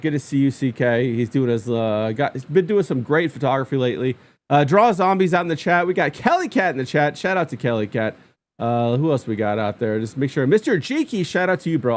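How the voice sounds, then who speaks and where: A man hosting a livestreamed podcast, casually greeting viewers in the chat, with lots of uh's. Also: mid-range voice. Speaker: podcast host.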